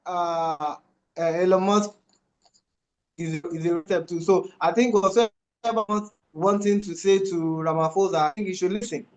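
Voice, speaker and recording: A man on a discussion panel, speaking hesitantly with many pauses and fillers. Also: high voice, steady tone.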